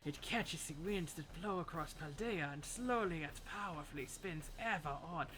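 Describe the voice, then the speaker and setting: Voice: medium pitch, lively intonation, drawn-out words, background noise. A let's-player reads out and voices a grandiose male sculptor gym leader, theatrical and pompous, with an attempted Spanish accent. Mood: lofty. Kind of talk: reading game dialogue aloud.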